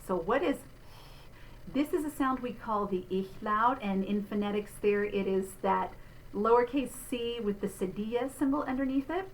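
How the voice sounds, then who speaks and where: A middle-aged woman teaches pronunciation as a vocal instructor. Her voice sits a bit high, and she explains patiently, modeling sounds slowly. A faint hiss of room ambience lies under her voice. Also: rough recording. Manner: clear, patient teaching with spoken and sung demonstrations. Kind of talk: diction lesson.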